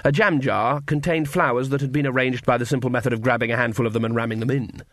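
Male audiobook narrator, even and wry, dry close read. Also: mid-range voice, fast talker, dry recording.

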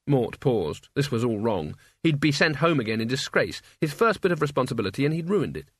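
A man narrating an audiobook in a measured, dryly wry storytelling manner. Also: mid-range voice, very animated, slightly rough, no echo, clean studio sound.

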